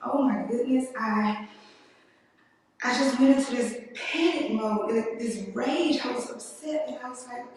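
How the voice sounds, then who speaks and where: A woman giving an earnest, emotional personal testimony to a conference audience, speaking slowly with long pauses. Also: a little high. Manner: slow, deliberate delivery with long pauses. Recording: echoey hall, distant mic.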